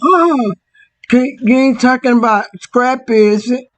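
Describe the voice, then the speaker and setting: A host in casual chat, asking relaxed questions. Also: mid-range voice, a little slow, rough recording.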